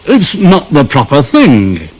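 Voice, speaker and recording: A man's voice: on the high side, huge pitch swings, slow pace, a little mellow, slightly rough, exaggerated voice, low-quality recording. A man voicing a pompous, condescending big steam engine. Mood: haughty. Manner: pompous, patronizing, drawn out.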